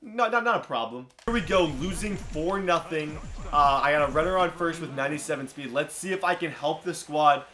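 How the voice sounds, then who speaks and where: A young man narrates his own video game play with fast-swinging excitement, his voice bright and a bit high. He talks straight to his viewers and reacts loudly to every play, keeping up a running commentary on his own performance. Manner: hyped, talks to himself and viewers, swings from thrilled to dejected. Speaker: gaming YouTuber.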